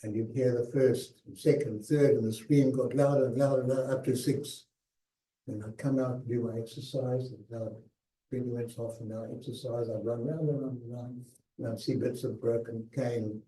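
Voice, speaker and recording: An older man recounting his own past in a slow, emphatic talk with hushed pauses, heard from a distance in an echoey lecture hall. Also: medium pitch, steady tone. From South Africa. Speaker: guest speaker. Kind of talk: personal memoir talk.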